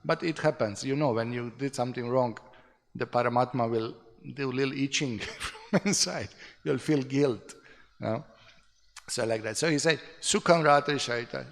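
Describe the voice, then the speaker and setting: A man with a gravelly, mid-pitched voice teaches a relaxed scripture class. He talks conversationally, often checks in with a quick "no?", and chuckles at his own anecdotes. His voice carries a long reverb, as if in a big temple hall. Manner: conversational, tags remarks with "no?".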